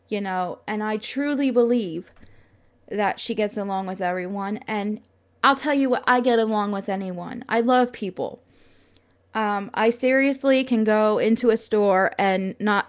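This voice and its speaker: A young woman talking casually to her camera, earnest and chatty, with many fillers, at times close to tears. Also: medium pitch. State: tearful at times. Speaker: vlogger.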